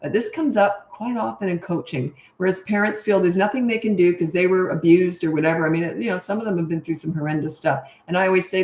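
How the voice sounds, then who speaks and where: A woman's voice: lowish voice, fairly quick, darkish tone. A middle-aged woman from Canada, a parenting coach answering viewer questions in a blunt, matter-of-fact casual chat. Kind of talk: casual livestream Q&A. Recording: echoey room.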